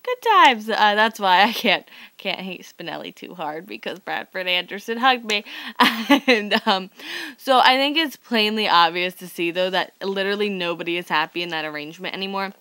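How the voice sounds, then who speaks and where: Bright, exasperated young woman vlogging. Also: medium pitch, normal speed, no echo. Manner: exasperated, sarcastic, rambling with many likes. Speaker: vlogger recapping a soap opera. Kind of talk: casual chat to camera.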